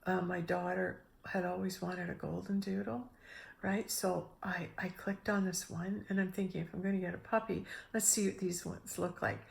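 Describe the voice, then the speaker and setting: A middle-aged woman giving a casual spiritual talk, telling a personal story with lively restarts and acted-out inner voices. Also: lowish voice, normal speed, gravelly. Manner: animated, restarts often, acts out her own inner voices. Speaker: spiritual speaker.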